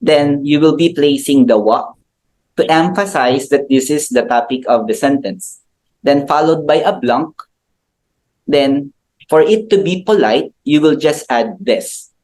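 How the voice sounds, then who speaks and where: A man's voice: a little high, unhurried, a little mellow, poor audio. A man with a Filipino accent teaching a beginner language class over a video call, explaining patiently and checking in often with his students. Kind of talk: online class lecture.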